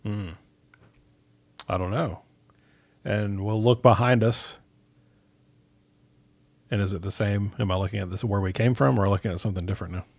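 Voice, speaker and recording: A man's voice: lowish voice, fairly even intonation, moderate pace, gravelly, pauses often, darkish tone. Hesitant man playing a tabletop game. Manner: hesitant, thinking aloud. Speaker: player. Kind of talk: casual tabletop role-play.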